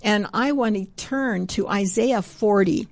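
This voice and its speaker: A woman giving a devotional Bible teaching, reading scripture aloud in an earnest way that grows excited. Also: medium pitch, a little slow.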